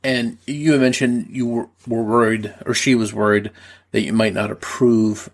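A man hosting a podcast interview, asking careful, gentle questions. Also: mid-range voice, level tone, normal speed.

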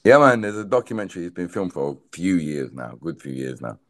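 A man's voice: deep voice, fast. A man from South London with a London accent, a dancehall artist chatting emphatically in an interview and calling people bro and man. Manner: animated, repetitive, emphatic, says "bro" and "man" often. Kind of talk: casual interview chat.

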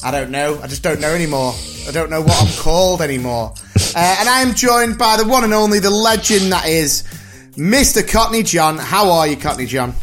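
A man in his thirties with a high voice, hosting with a playful, teasing energy and often laughing mid-sentence. Faint music sits under the talk. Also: expressive, fairly quick, fairly bright tone. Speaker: podcast host. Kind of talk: casual chat.

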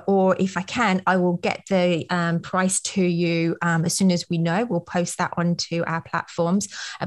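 A woman co-hosting a podcast, chatty and animated in her storytelling. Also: on the low side. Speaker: podcast co-host. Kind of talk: casual podcast chat.

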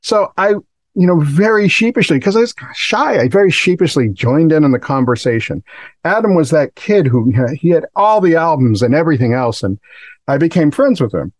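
A man's voice: on the high side, big pitch swings, moderate pace, no room sound. A middle-aged man from Massachusetts telling stories as a guest in a casual podcast interview, in a rambling, self-deprecating way. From Massachusetts, USA. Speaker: guest, recording engineer.

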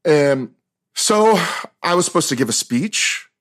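A middle-aged man hosting a casual podcast chat, telling stories with lively acted-out quotes and frequent laughs. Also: fairly high pitch, a little slow. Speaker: podcast host.

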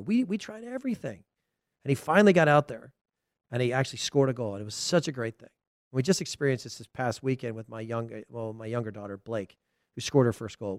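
A man's voice: medium pitch, a little mellow, no room sound, clean studio sound. A middle-aged man hosting his own podcast, telling family stories and previewing matches in a loose, rambling way with frequent restarts. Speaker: podcast host. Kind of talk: casual solo podcast talk.

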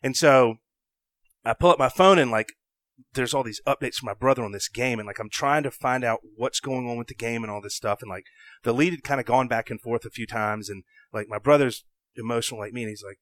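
A young man from the American South with a Southern accent tells an animated, casual story in a mid-pitched voice, talking a little fast. He's excitable, interrupts himself and acts out his own inner voice, recorded on a dry close mic with no room sound.

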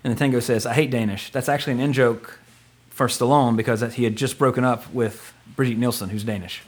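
A quick-talking man chats about films on a podcast. He rambles through trivia, cracks jokes and gets carried away with excitement, his pitch sitting in an ordinary middle range. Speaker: podcast co-host. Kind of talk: casual movie podcast chat.

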